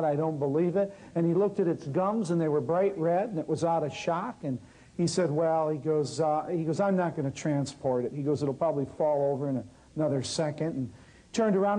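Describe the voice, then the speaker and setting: Animated man telling a story. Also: high-pitched, poor audio. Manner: animated storyteller, acts out quotes. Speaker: herbal healer telling a story. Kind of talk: storytelling talk.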